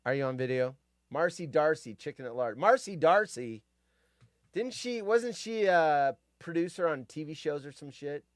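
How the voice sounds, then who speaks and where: A man's voice: a little high, animated, normal speed, dry recording, studio quality. A man hosting a casual live stream, grumpy and profane, ranting and rambling.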